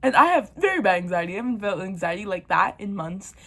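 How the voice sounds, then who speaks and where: A woman's voice: mid-range voice, very animated, fast talker, sharp tone. A teenage girl chatting casually to her viewers, ranting animatedly about books and laughing through a storytime. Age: teens. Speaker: book vlogger.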